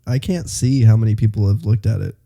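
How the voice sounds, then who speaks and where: A young man co-hosts a casual podcast, chatting loosely and laughing easily. His voice sits fairly low. The tone is dark and mellow. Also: vocal fry. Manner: chatty, loose, quick to laugh, says "dude". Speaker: podcast co-host. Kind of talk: casual chat.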